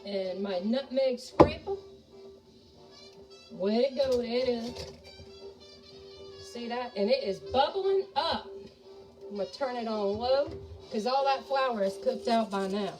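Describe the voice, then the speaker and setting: A woman's voice: fairly high pitch, slow, pauses often. A woman chatting folksily to viewers as she cooks soup in her home kitchen. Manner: folksy, talks to viewers as y'all. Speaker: home cook and ghost tour guide. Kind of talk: chatty cooking video. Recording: distant mic, music playing behind.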